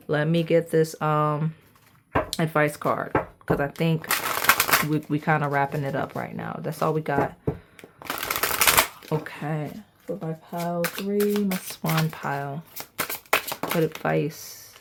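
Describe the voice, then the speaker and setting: A woman reading tarot cards in a chatty, playful way, talking straight to her viewers. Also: low voice. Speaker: tarot reader. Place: indoors at a table.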